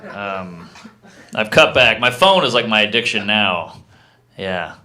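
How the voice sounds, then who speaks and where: A man doing a stand-up comedy set in a live club, delivering deadpan one-liners with quick asides to the crowd. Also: fairly low pitch.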